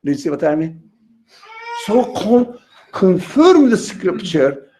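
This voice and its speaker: A man teaching a class on religion, speaking slowly and emphatically and repeating his key words. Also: sits high, very animated, dark tone, a little hiss or hum. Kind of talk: lecture to a class.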